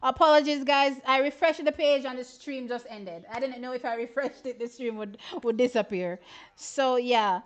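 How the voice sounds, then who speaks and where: A woman, hosting a casual livestream and commenting on sprint races in an animated, exclamatory way. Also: sits high, normal speed, lo-fi sound. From Jamaica. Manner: animated, exclamatory, often says "child". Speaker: livestream host. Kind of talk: casual live-stream sports commentary.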